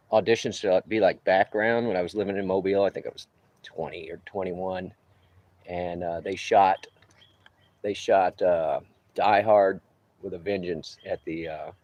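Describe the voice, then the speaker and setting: A man in his fifties with a low voice talks on an outdoor livestream from a roof during a work break. He rambles in an easygoing way and drops chuckling asides as he answers his viewers. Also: no room sound, lo-fi sound. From New Orleans. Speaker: livestreamer and roofer. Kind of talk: casual livestream chat.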